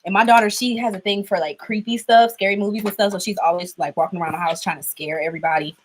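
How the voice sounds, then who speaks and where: A woman's voice: medium pitch, steady tone, fast, slight background noise, poor audio. A young adult woman chatting casually through a tarot reading, laughing often. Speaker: tarot reader.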